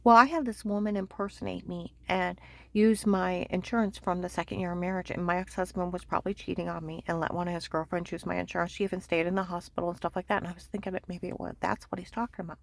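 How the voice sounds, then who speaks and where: A woman telling a long personal story in a rambling monologue, agitated and insistent, repeating herself and sometimes dropping to a hushed near-whisper. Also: on the low side, flat delivery, quick pace, gravelly. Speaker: vlogger.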